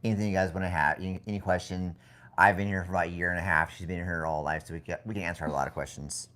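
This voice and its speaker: Very deep-voiced man chatting casually. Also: rapid-fire. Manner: rambling, relaxed, many fillers and restarts. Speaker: live stream co-host. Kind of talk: casual live stream chat. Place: home indoors with a TV in the background.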